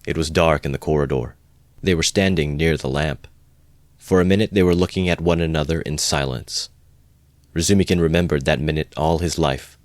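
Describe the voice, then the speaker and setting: Very deep-voiced male narrator. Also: dry recording. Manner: calm, measured reading. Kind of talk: amateur audiobook narration, ASMR-style.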